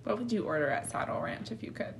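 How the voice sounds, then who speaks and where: A woman's voice: mid-range voice, big pitch swings, fast talker, a little hiss or hum. A young woman hosting a casual podcast chat, her statements often rising like questions. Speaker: podcast host.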